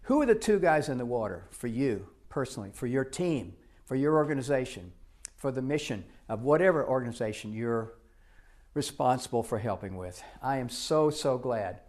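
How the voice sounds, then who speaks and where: An older man tells a personal story to an audience in a lively, animated way. He acts out the lines of the people in it. His voice sits at an ordinary middle pitch. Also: moderate pace. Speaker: speaker. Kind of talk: storytelling talk.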